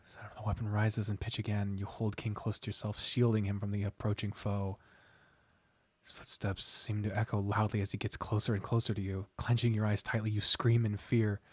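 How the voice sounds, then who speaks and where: Hushed dramatic game master narration. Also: sits low, flat delivery, a little fast, dry recording. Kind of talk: narrating a tabletop game on a live stream.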